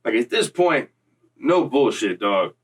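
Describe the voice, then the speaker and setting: A young man casually recounting a story in street slang, animated and full of acted-out quotes, from Florida. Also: medium pitch, measured pace, husky, distant mic. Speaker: storyteller recounting prison time.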